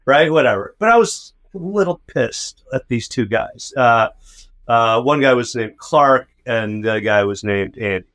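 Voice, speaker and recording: A man's voice: mid-range voice, lively intonation, normal speed, fairly bright tone. A man co-hosting a podcast, telling a rambling, profane, self-mocking story in casual chat. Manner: rambling, profane, self-mocking, acts out his own past outbursts. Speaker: podcast co-host.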